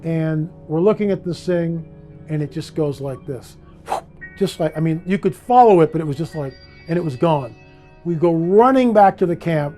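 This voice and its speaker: American guy telling an interview story, animated, kinda high mellow voice, soft music behind. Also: moderate pace. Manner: animated, acts out voices when retelling.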